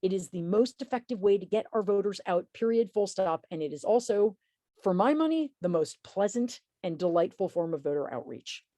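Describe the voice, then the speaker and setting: A woman presenting a casual webinar over a computer mic, her voice mellow and warm. She talks in a chatty, earnest way, full of "like" and "um", and now and then acts out quoted phone calls. The sound is dry, with no room echo. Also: medium pitch, lively intonation, moderate pace. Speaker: webinar presenter on political activism.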